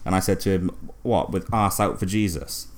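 Man, very low voice, deadpan comic storyteller, hesitant, filler-heavy. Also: moderate pace, slight background noise. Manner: rambling, hesitant, many fillers. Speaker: podcast co-host.

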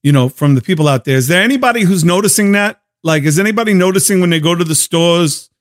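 A hoarse man hosting a casual livestream chat, telling stories in an animated, slangy way. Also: sits high, fast. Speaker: show host.

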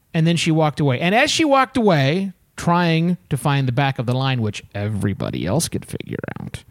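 A lively storyteller chatting on a podcast, voice swooping up and down as they act out the people in a tale. The sound is close and dry, with no room around it. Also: mid-range voice, moderate pace, no room sound. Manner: animated anecdote-telling with acted-out quotes. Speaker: storyteller co-host. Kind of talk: casual chat.

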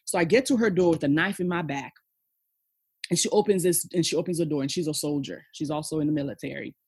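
Husky, frank woman telling her story. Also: low voice, fast, darkish tone, no room sound. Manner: frank, emphatic, sprinkles "okay?" and "you know". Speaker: podcast guest. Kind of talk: candid personal storytelling in conversation.

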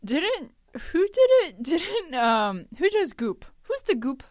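A woman co-hosting a casual chat podcast, giggling often and jumping into loud squeals. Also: sits high, sing-song, takes it slowly, no echo, studio quality. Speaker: podcast co-host.

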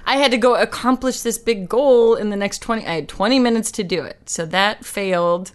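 A woman telling a story in casual chat, animated and giggly, acting out the people she quotes. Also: medium pitch, fairly quick.

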